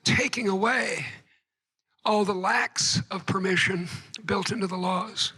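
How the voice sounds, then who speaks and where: A woman's voice: medium pitch, bright, forceful tone, breathy edge, poor audio. A woman giving a conference keynote lecture to a live audience, wry and digressive, with joking asides. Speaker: keynote speaker.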